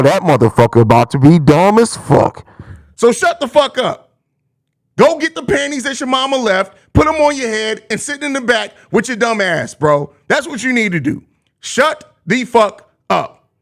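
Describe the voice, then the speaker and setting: A man's voice: very high-pitched, fairly bright tone. A young man hosting a live postgame show, talking casually, laughing often and launching into profane, repetitive trash talk at a viewer. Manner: repeats himself, laughs often. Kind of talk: casual live-stream chat, reading viewer comments.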